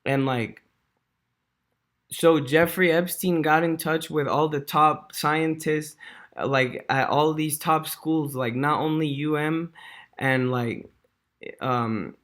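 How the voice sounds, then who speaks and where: A man with a fairly high-pitched voice rants loosely to his camera. He rambles through ums and restarts, drops dude and bro constantly, swears freely and chuckles at his own points. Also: fairly even intonation, slow pace, fairly bright tone. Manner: slangy, swears a lot, heavy fillers, dude and bro. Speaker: vlogger. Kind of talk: casual ranting commentary.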